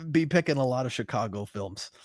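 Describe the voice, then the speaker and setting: A man's voice: mid-range voice, animated, a little fast, darkish tone, no echo, studio quality. A man co-hosting a casual horror movie podcast, playful and slangy, retelling plots with lots of fillers. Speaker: podcast co-host. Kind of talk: casual movie review chat.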